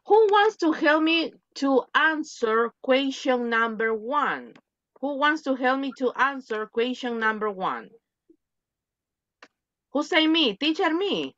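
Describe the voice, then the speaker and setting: A woman English teacher leads a lesson over a video call, reading aloud and having students repeat after her. Her voice sits a little high and moves a lot in pitch. The call audio is dry and a touch muffled. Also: big pitch swings, a little slow, a bit bright, no room sound. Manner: drills pronunciation, switches between English and Spanish. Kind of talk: online English lesson for Spanish speakers.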